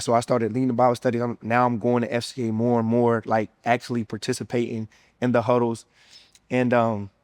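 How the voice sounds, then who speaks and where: A young man in his twenties tells his personal faith story in a relaxed, conversational way. He keeps dropping fillers like "man" and "you know" as he talks. His voice sits at an ordinary pitch, and the sound is dry and close, with no room echo. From United States. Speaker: former college football player sharing testimony.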